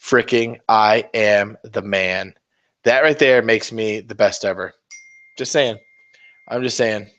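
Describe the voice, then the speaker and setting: A man's voice: on the low side, slow, a bit bright. A man hosting a casual miniature-painting livestream, rambling and swearing in a self-mocking way as he talks to viewers. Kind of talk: casual live-stream chat while painting.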